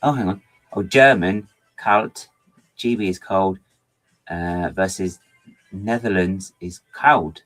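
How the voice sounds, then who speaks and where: A man's voice: on the low side, slow, pauses often, fairly bright tone, faint music behind, low-quality recording. A middle-aged man chatting casually while he builds with LEGO on a livestream, rambling and often stopping himself to apologise. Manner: rambling, self-interrupting, apologetic.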